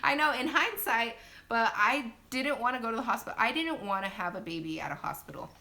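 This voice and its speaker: A woman's voice: lively intonation, quick pace, pushed and bright. A young woman and new mother casually telling her birth story to viewers on a livestream, chatty and talking straight to her audience. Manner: chatty, talks to viewers directly. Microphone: phone livestream. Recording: low-quality livestream audio with faint noise.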